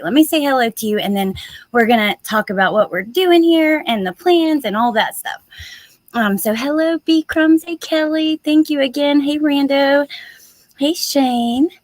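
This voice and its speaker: A woman's voice: high voice, no echo. Upbeat, chatty woman livestream host. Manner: chatty, upbeat, greets viewers by name. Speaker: true-crime YouTube livestream host. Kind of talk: casual livestream chat.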